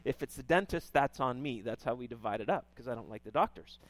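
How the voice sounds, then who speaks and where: A man's voice: medium pitch, expressive, fast talker, dry recording. A middle-aged male pastor preaching a sermon in a loose, conversational way, often checking in with "right?" and repeating words as he goes.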